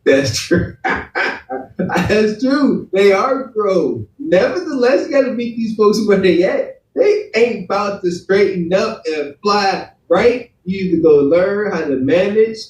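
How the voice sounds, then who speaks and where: Wry high-voiced man, echoey room. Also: animated, takes it slowly, far from the mic. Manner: laughing, wry, slangy. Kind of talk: casual podcast commentary.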